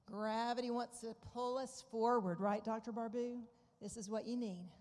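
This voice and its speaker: A woman's voice: on the high side, steady tone, moderate pace, a little mellow. A woman, a physical therapist, leading a seated exercise class on a handheld microphone, giving upbeat, encouraging step-by-step instructions. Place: large hall at a medical symposium. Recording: reverberant hall, faint room noise.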